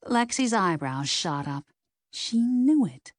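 A woman narrating a mystery novel in an expressive, measured reading. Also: lowish voice, dry recording, studio quality. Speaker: audiobook narrator.

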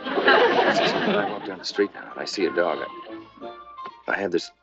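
An actor playing an earnest young military officer who talks sincerely and gets flustered, stammering at times. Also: male voice, sits low, wildly swooping pitch, moderate pace, highs cut off, over loud music, a loud crowd, heavily acted. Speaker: astronaut, army major.

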